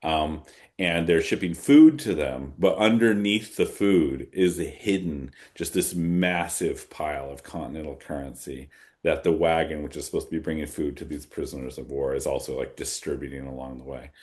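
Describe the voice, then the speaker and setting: A man, an author, answering audience questions in a relaxed fireside-chat conversation, thinking aloud and repeating phrases for emphasis. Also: a bass voice, normal speed.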